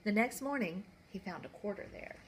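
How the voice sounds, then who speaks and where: A woman's voice: medium pitch, expressive, brisk, slight background noise. A woman teacher reading a picture book aloud to children in a classroom, with dramatic storytelling.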